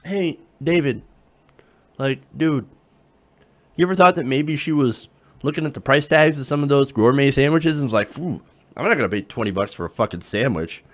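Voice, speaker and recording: A man's voice: mid-range voice, animated, moderate pace. A young man hosting a political commentary show, sarcastic and incredulous as he swears his way through a rant. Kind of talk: opinionated news commentary.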